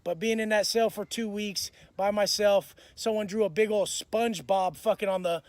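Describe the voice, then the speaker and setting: A man telling rough stories in a blunt, swaggering, heavily cursing way, often restarting and repeating words as he gets worked up. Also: high-pitched, steady tone, normal speed, no echo. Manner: blunt, profane, swaggering street talk. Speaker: vlogger recounting prison life. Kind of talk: casual storytelling monologue.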